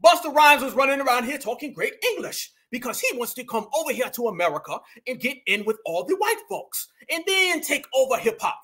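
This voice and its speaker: A man hosting a reaction commentary show, loud and mocking, often repeating catchphrases and addressing his viewers as "y'all.". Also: very high-pitched, very animated, brisk, hardly any pauses.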